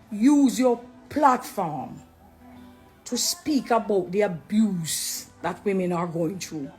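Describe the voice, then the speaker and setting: A middle-aged Jamaican woman talking straight to her viewers, preachy and affectionate, slipping between English and patois. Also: sits high. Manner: warm, preachy, switching into patois. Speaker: dancehall artist turned Christian. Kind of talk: direct address live video.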